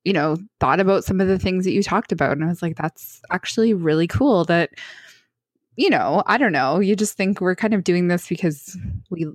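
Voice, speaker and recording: A woman's voice: lowish voice, normal speed, no echo, clean studio sound. A young woman from Canada co-hosting a podcast in casual chat, laughing often and telling stories with animation. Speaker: podcast co-host.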